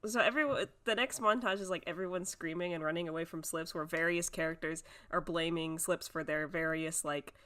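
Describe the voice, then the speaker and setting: A woman's voice: lowish voice, fairly quick, few pauses. A woman co-hosting a podcast in casual chat, retelling scenes with frequent laughter. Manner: giggly, animated storytelling with acted-out quotes. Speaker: podcast co-host.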